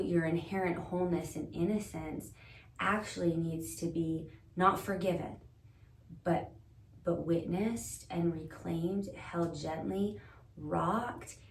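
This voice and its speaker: Telling her story on a podcast, a woman thinks aloud in an earnest, searching, reflective way, her lowish voice darkish and marked by vocal fry. She sits indoors with the host; the audio has a roomy echo, a distant mic and faint noise.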